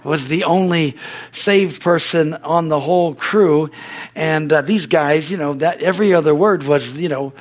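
A middle-aged man preaching a sermon in church, fervent, with repeated words and frequent amens. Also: normal speed. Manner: stories grow loud and high-pitched. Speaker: pastor.

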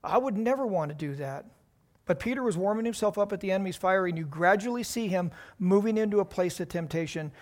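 A man's voice: high voice, animated, fast talker. A pastor preaching a sermon to a congregation, driving his points home with rising emphasis and rhetorical questions.

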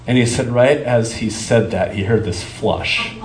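A pastor delivers a sermon in a relaxed, conversational way, often pausing on fillers as he searches for the next phrase. His mid-pitched voice rings around a reverberant church sanctuary, with faint ambience underneath. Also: a little hiss or hum. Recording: echoey room with faint ambience.

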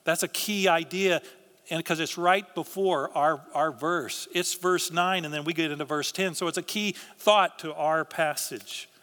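A man preaching in a church, his voice bright and forceful, a little higher than most men. He talks earnestly and conversationally, often restarting his words. The sound hangs in the long reverb of a large hall. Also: fairly even intonation, a little slow. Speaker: pastor. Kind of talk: sermon.

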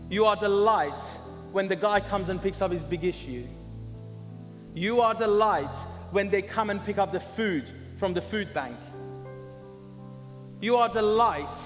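A man preaching a sermon in a church hall, earnest and halting, often restarting his words. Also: a little high. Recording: reverberant church hall with soft music.

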